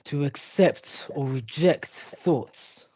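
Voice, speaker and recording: A young man in his twenties on a video call, slowly repeating phrases after his coach. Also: a little high, a little mellow, roomy sound, highs cut off. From England. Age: 20s. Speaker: student.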